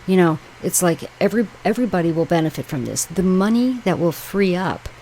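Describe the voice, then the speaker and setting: A New York woman hosting her own channel reads online posts aloud and riffs on them, rambling conversationally with lots of fillers and asides. Her voice is lowish, mellow, animated, and fairly quick, on poor audio with a little hiss or hum.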